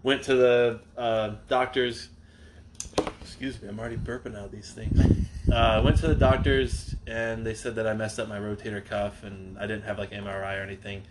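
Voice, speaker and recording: A man's voice: fairly low pitch, little pitch movement, moderate pace, noisy background. A man in his thirties, originally from North Carolina, telling rambling, joking stories as a guest on a casual podcast. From Charlotte, North Carolina. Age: 30s. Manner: joking, rambling storyteller with frequent fillers. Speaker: wrestler guest.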